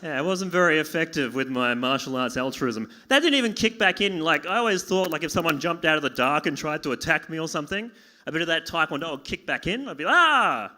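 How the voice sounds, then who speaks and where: An Australian stand-up comedian, a young man with a high, bright, forceful voice, performs for a live crowd in a small pub. He's fast with lively intonation, mocking himself and acting out dialogue with sudden squeaky yelps and frantic pleading.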